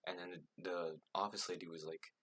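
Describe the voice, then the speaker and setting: Low, bright, husky young man rambling. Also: fairly even intonation, brisk. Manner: rambling, filler-heavy, self-mocking. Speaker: vlogger. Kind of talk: casual storytelling.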